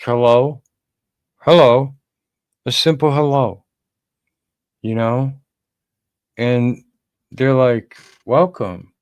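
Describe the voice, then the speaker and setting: A podcast co-host chats casually on a livestream, rambling and calling out viewers by name. His mid-range voice is smooth and clear, and he speaks slowly and unhurriedly. The audio is dry and close, with no room echo.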